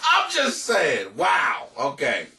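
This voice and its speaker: Loud crude comedian host, bright voice. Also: male voice, a little high, slow pace, vocal fry, distant mic. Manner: loud, crude, animated, laughing at his own jokes. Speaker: podcast host reading listener letters. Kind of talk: casual profane comedic advice. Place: home basement.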